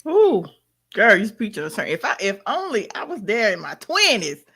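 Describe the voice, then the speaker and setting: A woman in her forties hosting a casual faith talk, quick with affirmations and lively asides. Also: mid-range voice, husky. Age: 40s. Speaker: host.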